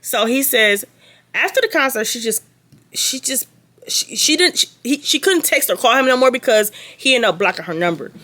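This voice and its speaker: A young adult woman vlogging a story in casual chat, animated and gossipy with sarcastic asides. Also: a little high, moderate pace.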